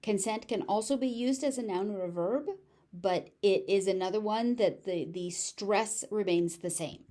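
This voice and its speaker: A woman with a General American accent teaching pronunciation, repeating each word slowly and deliberately. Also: medium pitch, dark tone. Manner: slow, deliberate word drilling with repeated examples. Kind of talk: pronunciation lesson.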